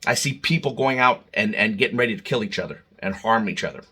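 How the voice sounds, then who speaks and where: Man, channel host, heated emotional rant, bright forceful voice, husky. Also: on the low side, fast. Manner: heated and emotional, with many restarts and sudden loud rises. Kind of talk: opinion monologue to camera.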